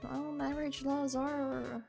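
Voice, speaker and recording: A woman streamer giving commentary while playing a game, expressive and prone to loud outbursts. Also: high-pitched, slow, vocal fry, over music.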